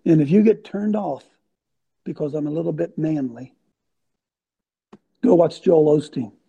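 A man's voice: a little high, unhurried, creaky, dark tone, slightly rough, lo-fi sound. A man hosting an online show, a former football coach giving an intense, emphatic, sermon-like talk full of rhetorical questions into his computer mic. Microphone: computer mic on a video stream.

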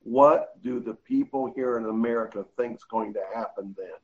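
A man's voice: mid-range voice, sing-song, moderate pace, gravelly, muffled recording. A man joining a talk radio show, earnest and worried.

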